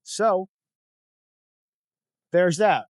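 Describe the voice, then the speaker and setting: A man's voice: high-pitched, extremely slow, clean tone, no echo. A man in his thirties vlogging from his motorcycle, telling a story in a blunt, profane, casual way. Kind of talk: casual vlog talk while riding. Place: on a motorcycle on the road.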